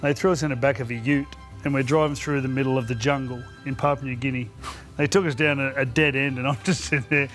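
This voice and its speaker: A man's voice: mid-range voice, fairly even intonation, quick pace, a bit bright, faint music behind. A middle-aged Australian man telling rowdy anecdotes in casual chat, laughing as he goes. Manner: laughs through his anecdotes. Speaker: podcast co-host, former player. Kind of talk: casual storytelling.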